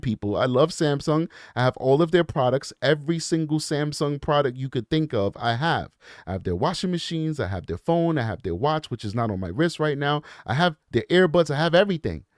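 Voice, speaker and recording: A man's voice: medium pitch, no echo, studio quality. Blunt, scornful true crime commentator, a man. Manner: blunt, emphatic, scornful asides; talks straight to his viewers. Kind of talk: reading emails aloud with commentary.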